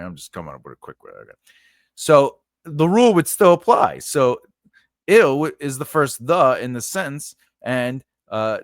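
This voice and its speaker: Man teaching, casual lesson, unhurried, lively up-and-down pitch, dry sound. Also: dry recording. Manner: rambling, self-correcting, checks in with "right?". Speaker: writing teacher.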